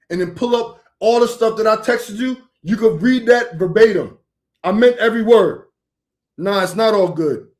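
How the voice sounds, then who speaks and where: Guy with a high voice going off at somebody on a live, confrontational, repeats himself a lot, casual slang. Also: darkish tone. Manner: confrontational, repetitive, addresses a rival directly. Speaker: online preacher. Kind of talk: heated livestream rant.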